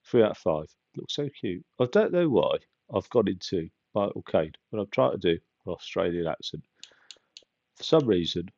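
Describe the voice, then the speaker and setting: A man's voice: low voice, big pitch swings, moderate pace, vocal fry, a little mellow, no echo, dull audio. A man giving casual gameplay commentary, rambling and joking with wry asides as he plays. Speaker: gaming video host.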